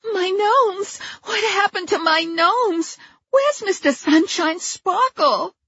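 Woman doing a shrill fretful homeowner lady. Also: animated, slow pace, fairly bright tone, no room sound, muffled recording, heavily acted. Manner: high and fretful.

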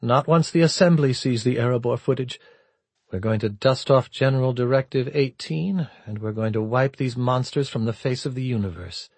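A man voicing a grim, determined woman admiral with a cold, flat delivery. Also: medium pitch, normal speed, husky, no room sound. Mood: tense.

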